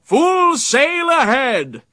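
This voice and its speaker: Casting: a man playing a jovial castaway sailor, wildly animated, hearty. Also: a little high, normal speed, slightly rough, no room sound, studio quality, heavily acted. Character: shipwrecked male sailor, cheerful and wistful.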